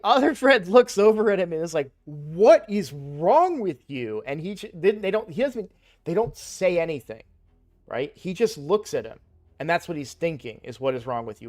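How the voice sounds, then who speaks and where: A man's voice: sits high, lively intonation, fairly quick, soft background music. A young man casually telling a personal story while playing a game, rambling with lots of fillers and restarts. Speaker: gaming streamer.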